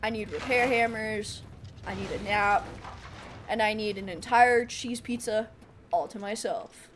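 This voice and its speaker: A woman streamer giving casual, animated gaming commentary, exclaiming and laughing often. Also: medium pitch, unhurried, slight background noise.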